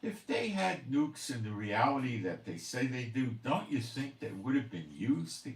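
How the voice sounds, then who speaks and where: A man's voice: mid-range voice, very animated, measured pace, roomy sound, distant mic. A man hosting a commentary channel, ranting emphatically with scorn and rhetorical questions. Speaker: host of a prophecy commentary channel.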